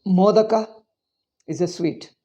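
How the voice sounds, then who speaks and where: Speaking unhurriedly in a high-pitched, warm voice, an Indian English-accented man teaches a Sanskrit class informally, ranting with emphasis and then going through word meanings individually. The recording sounds dull.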